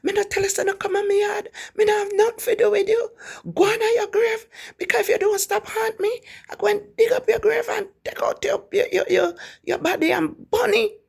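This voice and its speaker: A man voicing his fierce old Jamaican grandfather, who shouts threats at a ghost in a high strained voice. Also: wildly swooping pitch, brisk, vocal fry, hardly any pauses, exaggerated voice. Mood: furious threats.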